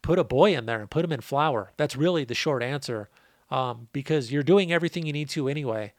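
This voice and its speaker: A man's voice: mid-range voice, fast talker, no echo, clean studio sound. A man hosting a casual podcast, answering listener questions in a laid-back, profane, rambling way, his voice worn out. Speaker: podcast host.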